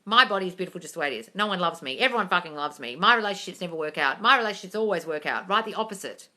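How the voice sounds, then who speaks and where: Her voice sits on the low side and races along as she hosts a casual live Q&A stream. The young woman is animated, blunt and sweary, calls her viewers darling, and leaps into loud bursts of excitement.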